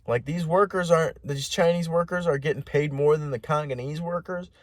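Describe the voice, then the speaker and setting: A man's voice: on the high side, a little fast, no room sound. A man hosting a podcast alone, rambling in a casual monologue with heavy swearing, lots of "like" and restarts. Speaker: podcast host.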